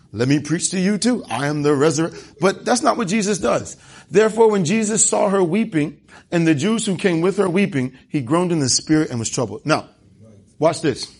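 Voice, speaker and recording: A man's voice: high voice, slightly rough. A man preaching a sermon in a conversational way, acting out the dialogue of the scripture passages he reads.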